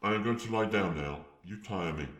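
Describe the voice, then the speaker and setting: A man's voice: deep voice, fairly quick, fairly bright tone. A man playing a haughty, formal figure in an amateur audio drama, speaking stiffly. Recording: echoey room, voice from a distance.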